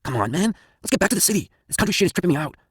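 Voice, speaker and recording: A jittery, slangy young guy, pitched high and tight with nerves, as a male narrator puts him on. He talks fast and scoffing in a dry, close recording. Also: big pitch swings, husky, no room sound, heavily acted. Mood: impatient. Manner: nervous, slangy.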